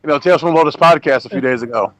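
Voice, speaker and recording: Brash, high-voiced podcast co-host. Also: male voice, very fast, a crowd in the background. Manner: brash, profane, repeats himself. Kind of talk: casual podcast chat.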